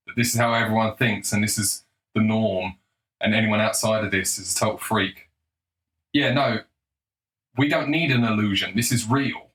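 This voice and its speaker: A man's voice: lowish voice, fairly bright tone, poor audio. Blunt sarcastic man ranting. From England. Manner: blunt, combative, sarcastic, swears freely. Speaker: political commentator. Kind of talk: casual opinionated monologue.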